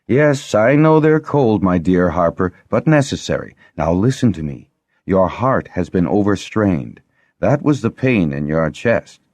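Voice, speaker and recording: A man voicing a calm, kindly older male healer who speaks soothingly. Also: low-pitched, measured pace, dry recording, full character voice.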